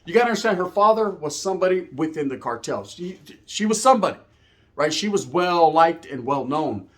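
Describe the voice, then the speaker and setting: Higher-voiced man telling street stories. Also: expressive, fairly quick. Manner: streetwise slang, frequent "right?" tags. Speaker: YouTube storyteller. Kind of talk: casual profane storytelling to camera.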